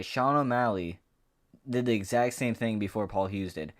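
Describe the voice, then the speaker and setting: A man's voice: on the low side, moderate pace. A man ranting to camera in a casual sports vlog, heated and profane, rambling with frequent restarts. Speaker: MMA commentary vlogger.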